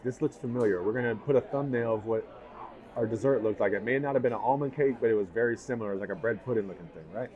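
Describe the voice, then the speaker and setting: Speaking fast in a medium-pitched, slightly mellow voice, this man films a casual food review at a restaurant and gushes over every mouthful. The audio has its highs cut off, and restaurant crowd chatter fills the background.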